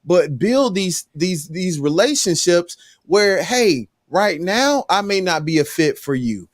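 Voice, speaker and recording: A man with a notably high voice, chatting on a podcast. He tells stories with emphatic, sermon-like conviction. The sound is dry and close. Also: big pitch swings, takes it slowly, no echo. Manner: emphatic storyteller, preachy. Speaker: podcast co-host. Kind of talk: casual chat.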